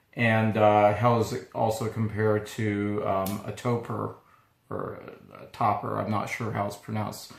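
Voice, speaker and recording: A man who owns a small coffee roasting business, talking casually to camera in a halting, easygoing way, his voice not yet fully recovered. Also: mid-range voice. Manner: halting and easygoing, pausing often. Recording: echoey room.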